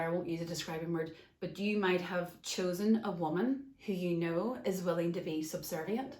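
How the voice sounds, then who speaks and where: A woman hosting a podcast, talking off the cuff with earnest emphasis, her voice sitting a little low. She speaks in an echoey room. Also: a little mellow. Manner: earnest, emphatic, gets emotional at times. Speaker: life coach and podcast host. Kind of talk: unscripted podcast monologue.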